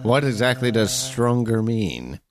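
A man's voice: mid-range voice, sing-song, a little slow. A man on a casual podcast chiming in with crude, teasing remarks. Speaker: podcast co-host.

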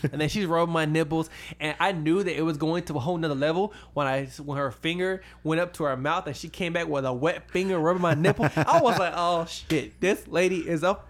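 A man's voice: fast, hardly any pauses. A young man telling a funny story in casual chat, acting out quotes and laughing often. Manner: animated, acts out quotes in high voices, laughs often.

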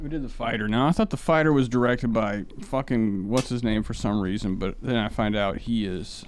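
A man's voice: fairly low pitch, normal speed, a little hiss or hum. A man hosting a podcast, telling rambling, profane stories in casual chat. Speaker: podcast host.

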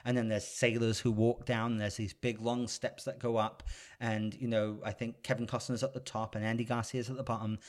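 A man hosting an audio podcast, retelling a story in a rambling, animated way with lots of fillers. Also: medium pitch, fairly quick. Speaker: podcast host. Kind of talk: casual podcast chat.

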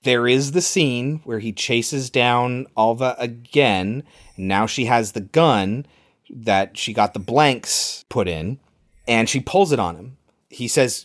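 In a slow, mid-range voice, a podcast co-host chats casually about a movie, animatedly retelling its scenes and laughing a lot along the way.

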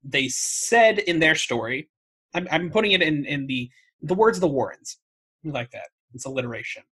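A man with a bright, forward voice and a husky edge, pitched a touch high for a man. He tells a story as a podcast co-host, wry and loose, swearing freely and laughing at his own cynicism. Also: lively intonation, normal speed. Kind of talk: casual storytelling chat.

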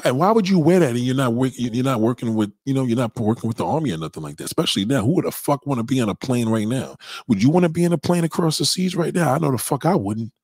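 Husky swaggering New man. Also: mid-range voice, lively intonation, fast talker, hardly any pauses, dry recording, clean studio sound. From New York. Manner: loud, swaggering, laughs often. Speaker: live-stream host. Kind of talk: casual profane rant to viewers.

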